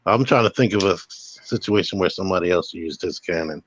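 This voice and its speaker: Male co-host, low and muffled, easygoing casual chat. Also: brisk, fairly bright tone, a little hiss or hum. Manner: laughs easily, short interjections. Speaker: podcast co-host.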